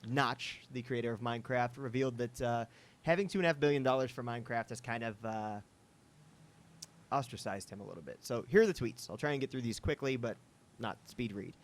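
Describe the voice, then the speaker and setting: A man's voice: medium pitch, a little fast. Man, podcast host, casual rambling talk, lots of ums and side comments. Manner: rambling, many fillers and asides. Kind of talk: casual chat.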